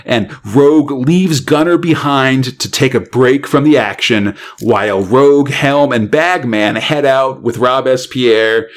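A man's voice: medium pitch, a little slow, few pauses. A man hosting a casual podcast chat, recapping a comic story with lots of fillers and laughs. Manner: rambling, frequent fillers and laughs.

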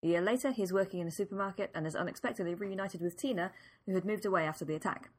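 A woman co-hosting a podcast, reading a film synopsis and chatting in a relaxed way with many "um"s. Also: mid-range voice, rapid-fire, husky. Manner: relaxed, hedging with "um" and "uh". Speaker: podcast co-host. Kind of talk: casual chat and read synopsis.

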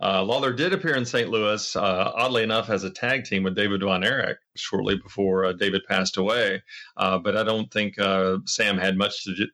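A man's voice: on the low side, fairly even intonation, normal speed, bright, forceful tone. A man co-hosting a podcast in casual chat, telling long stories with many fillers and restarts. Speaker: podcast co-host.

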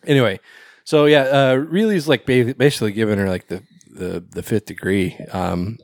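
A man's voice: mid-range voice, moderate pace, dry recording, clean studio sound. A man co-hosting a film podcast, recapping a movie in loose, rambling chat full of fillers. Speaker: podcast co-host. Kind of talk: casual film review chat.

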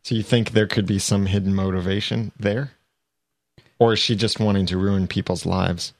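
A man's voice: fairly low pitch, steady tone, moderate pace, no room sound. A man hosting a podcast, chatting casually about a TV episode and reading out show announcements. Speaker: podcast host.

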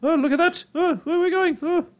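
A man's voice: very high voice, fairly even intonation, quick pace, pitched above the performer's own voice. A man doing a squealing, frantic impression of a comedian with a put-on Irish accent. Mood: manic. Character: manic high-voiced Irish comedian impression, male.

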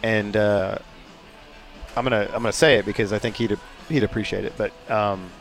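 Low-voiced male interview host. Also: moderate pace, faint music behind. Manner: relaxed, filler-heavy questioning. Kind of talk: casual interview questions.

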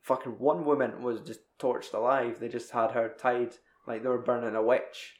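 A young man tells a film's story in a loose, sweary ramble. His voice sits at an ordinary middle pitch and rings around an echoey room. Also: level tone, normal speed. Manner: rambling, sweary film recap. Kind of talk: casual chat.

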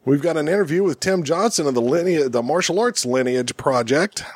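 A man in his thirties hosts a casual podcast in a somewhat high voice, laughing easily and circling back through his sentences. The sound is dry and close, with no room around it. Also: expressive, brisk, no room sound. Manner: jokey, laughs often, rambling with restarts. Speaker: podcast host.

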